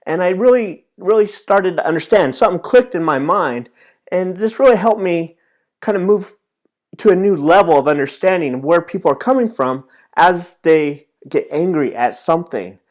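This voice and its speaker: A man's voice: high voice, expressive, normal speed, a little mellow. Earnest man telling a personal story. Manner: earnest, storytelling, many restarts and repeated words. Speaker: self-improvement trainer. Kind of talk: casual motivational talk with personal story.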